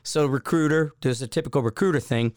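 A man hosts a podcast and tells a personal story in a loose, rambling way, slipping into the voices of the people in it. His voice is smooth and clear at a middle pitch. The recording is dry and close, with no room echo. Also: fairly quick. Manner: rambling anecdote with acted-out quotes. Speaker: podcast host. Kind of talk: casual storytelling.

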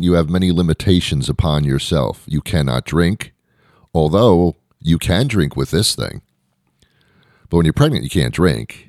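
Super low voiced guy rambling on his podcast, lots of ums and restarts, dry close mic. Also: a little mellow, no echo. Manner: meandering, self-deprecating, lots of fillers and restarts. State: out of breath. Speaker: podcast host. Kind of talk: rambling comedic monologue.

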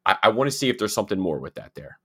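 A man co-hosting a casual show chat, halting and repeating his words as he talks. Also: lowish voice, big pitch swings, fairly bright tone. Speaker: podcast co-host.

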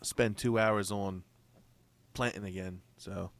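A man's voice: lowish voice, steady tone, slow, dry recording. A man co-hosting a podcast in casual banter, easygoing and agreeable with lots of fillers. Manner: laid-back, agreeable, hesitant fillers. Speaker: podcast co-host.

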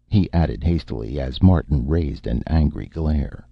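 A man narrates a story in a measured, storytelling manner. His voice is extremely deep and gravelly, with lively swings in pitch. The recording is dry, muffled and lo-fi. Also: no room sound. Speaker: audiobook reader. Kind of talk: scripted narration.

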